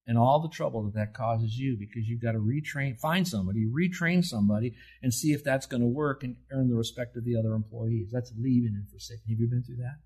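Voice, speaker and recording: A middle-aged man, a pastor preaching a sermon in an earnest way, whose voice climbs higher and louder when he quotes scripture. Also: quick pace, hardly any pauses, breathy edge, rough recording. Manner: earnest, rises in pitch and force when quoting scripture.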